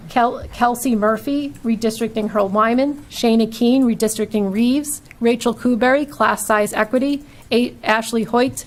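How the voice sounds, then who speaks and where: This woman, who has a Boston-area accent, leads a school committee meeting and works through a long list of names and topics, occasionally stumbling. Her voice sits on the high side, and there's light noise in the recording.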